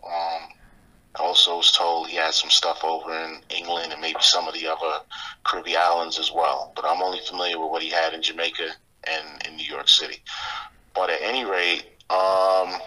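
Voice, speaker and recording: A man's voice: low-pitched, flat delivery, moderate pace, sharp tone, poor audio. A middle-aged man speaking as a podcast guest, reflective and motivational, with frequent filler phrases. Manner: reflective, motivational, many "you know" fillers. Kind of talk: casual interview talk.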